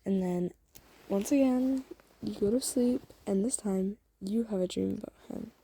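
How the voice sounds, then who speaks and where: A woman hosting her own channel, telling a casual second-person story in a loose, rambling way full of fillers and self-corrections. Her voice is very dark and mellow, with a husky, breathy grain. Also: mid-range voice, a little slow.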